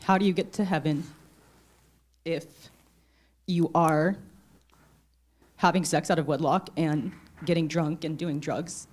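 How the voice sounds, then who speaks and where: A woman's voice: deep voice, steady tone, measured pace, long pauses, a little mellow. A woman in a church congregation asking the pastor a question, speaking hesitantly and rambling with many fillers.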